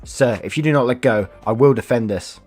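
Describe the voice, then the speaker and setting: A man voicing a protective young father who speaks firmly and forcefully, with faint music behind. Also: mid-range voice, fairly quick, close to an everyday voice.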